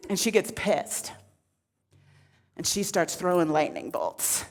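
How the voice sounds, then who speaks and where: A woman minister giving a sermon in a relaxed, conversational way with frequent asides. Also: fairly low pitch, slow pace, long pauses, in a large hall. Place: church sanctuary.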